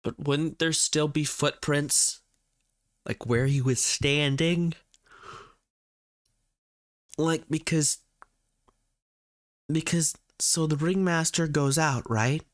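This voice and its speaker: A man's voice: a little high, steady tone, slow, long pauses, no echo. A man streaming a video game, rambling through casual commentary in a goofy, exasperated way.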